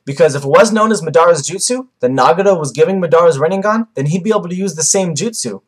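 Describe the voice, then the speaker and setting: A man's voice: on the high side, animated, quick pace, husky. A young man giving casual, rambling commentary on a comic chapter, with many fillers and restarts. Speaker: manga reviewer.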